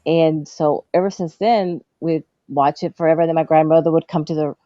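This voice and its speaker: A woman guest on a talk show, telling stories in a casual way and acting out dialogue in a higher voice. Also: fairly even intonation, moderate pace, warm tone, dry recording, muffled recording. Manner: acts out childhood dialogue in a higher voice, laughs often. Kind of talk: casual storytelling.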